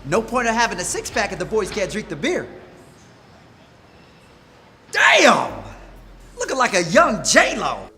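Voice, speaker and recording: A man putting on the voice of a pushy, fast-talking male stranger at a gym, talking in quick choppy bursts. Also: high-pitched, huge pitch swings, bright, forceful tone, big-room sound, voice pushed up, exaggerated voice. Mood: leering. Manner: fast, choppy, repeats words.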